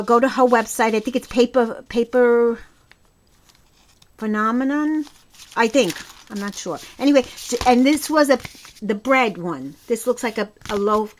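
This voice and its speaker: A woman with a Brooklyn accent chatting enthusiastically as she shows her craft projects, rambling with a few restarts. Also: a little high. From Brooklyn, New York. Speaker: crafting channel host. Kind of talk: casual crafting show-and-tell.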